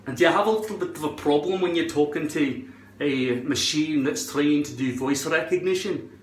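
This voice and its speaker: Brief: male vlogger in a faked Scottish accent, slightly high-pitched, jokey and profane, echoey home room. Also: moderate pace, a little hiss or hum. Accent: put-on Scottish. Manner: rambling, joking, swearing freely. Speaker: hairpiece tutorial vlogger. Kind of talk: comedic rambling tutorial. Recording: roomy echo.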